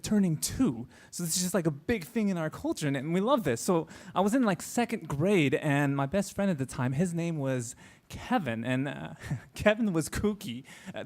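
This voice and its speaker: A man of Mexican heritage telling a funny childhood story on stage, chatty, full of "like" fillers and restarts. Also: sits high. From Mexican-American.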